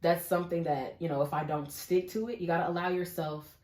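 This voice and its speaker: A woman co-hosting a podcast, talking in an animated, emphatic way. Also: lowish voice, a little fast, roomy sound. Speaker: podcast co-host. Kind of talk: casual chat.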